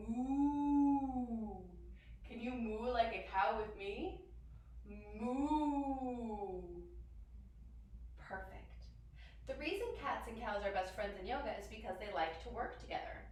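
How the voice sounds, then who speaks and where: A young woman leading a children's yoga class, bubbly and encouraging, making animal sounds along the way. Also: on the high side. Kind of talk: guided kids' yoga class. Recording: very echoey room from far off.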